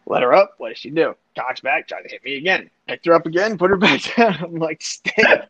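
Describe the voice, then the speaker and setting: A young podcast host with a fairly high, expressive, slightly rough and somewhat bright voice talks fast. In casual storytelling chat, he rambles profanely through a long personal story, using "like" and other fillers throughout. The sound is dry with no echo, dull and lo-fi.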